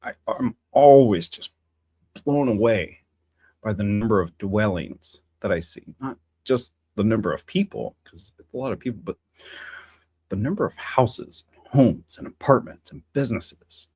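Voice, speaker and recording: A husky, darkish, fairly low male voice comes through with no echo. He's hosting a casual solo livestream, musing philosophically and rambling, with frequent fillers, restarts, and chatty asides to viewers.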